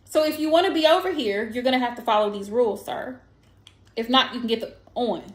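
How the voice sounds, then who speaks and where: Emphatic high-voiced woman, echoey room. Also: brisk. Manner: blunt, emphatic, repeats lines for effect. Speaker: tarot reader. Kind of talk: casual advice monologue.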